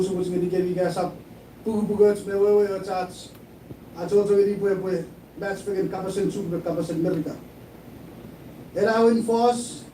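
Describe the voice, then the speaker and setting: A man with a high, mellow voice preaches in a sermon, often repeating his phrases. He sounds a little distant from the mic, in an echoey room. A faint hiss sits under his voice. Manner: preaching, mixing English with Chuukese, repeating phrases. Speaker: pastor.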